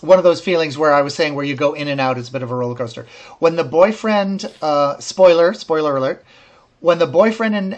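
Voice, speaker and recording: Wry, articulate man, slightly high voice. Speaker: co-host reviewing a series. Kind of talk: casual review chat.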